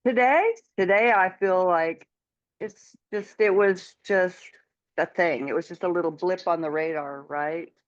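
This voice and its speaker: A woman talks with a coach in a chatty, animated way and laughs easily. Her voice sits a little low. She comes through a muffled, slightly lo-fi video call. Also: unhurried, dry recording. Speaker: coaching client. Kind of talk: casual conversation.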